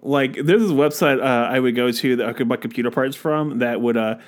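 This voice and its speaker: A young man co-hosting a podcast, chatting casually and telling animated stories, jumping to a high voice when he quotes others. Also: fairly quick. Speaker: podcast co-host. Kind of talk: casual chat.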